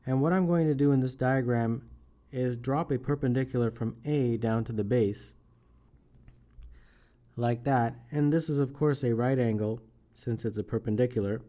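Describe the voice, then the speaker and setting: Thinking aloud in a warm, mid-range voice at a moderate pace, a man walks through a math contest problem step by step in a screencast tutorial. As a tutor, he frequently adds "right?" to check in.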